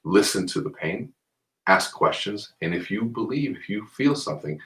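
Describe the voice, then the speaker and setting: A man's voice: fairly low pitch, expressive, normal speed, fairly bright tone, low-quality recording. A man being interviewed on a live video call, telling stories with energy and giving earnest, urging advice. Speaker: guest speaker on mindset.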